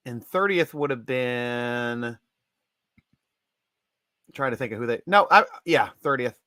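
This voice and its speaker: A middle-aged man hosting a casual live-stream chat, animated and chatty and quick to laugh. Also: mid-range voice, dry recording, studio quality. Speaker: host.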